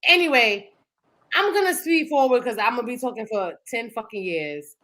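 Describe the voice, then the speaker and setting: A young woman on a podcast, her voice on the high side and fairly bright, relays a dating story expressively at a moderate pace. The recording is rough, and her talk is candid, profane, and heavy with "like."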